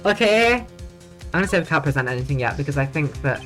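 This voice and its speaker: A woman game streamer who jokes and swears through a courtroom video game, her pitch swinging lively as she gets worked up. Faint game music plays under her voice. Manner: swearing, joking, quick bursts of excitement. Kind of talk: casual gameplay commentary with read-aloud dialogue.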